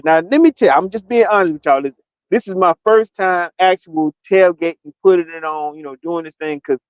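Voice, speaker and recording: Male co-host, lively raconteur, bright high pitch, dry lo-fi audio. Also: no room sound. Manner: animated storyteller, acts out quotes, laughs often. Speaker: podcast co-host. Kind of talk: casual storytelling chat.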